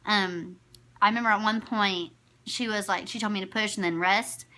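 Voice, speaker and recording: A woman's voice: medium pitch, steady tone, moderate pace, sharp tone. A young woman in her twenties, a new mother, telling her story to the camera in a chatty, rambling way, often correcting herself.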